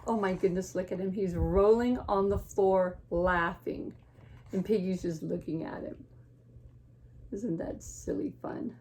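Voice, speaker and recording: A woman teacher reading a picture book aloud to children, gently pointing things out and asking them questions. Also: mid-range voice, unhurried. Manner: gentle, questions and asides to young listeners.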